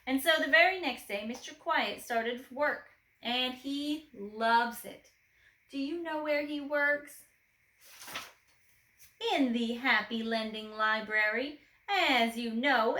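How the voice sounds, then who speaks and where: A woman reading a children's storybook aloud expressively, gently asking the listener questions. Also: fairly high pitch, echoey room, rough recording.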